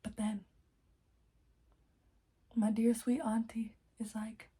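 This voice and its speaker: A young woman in her twenties, telling a story in a casual vlog, animated, swearing freely and laughing often. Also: a little high, slow, long pauses, husky. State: out of breath. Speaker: vlogger.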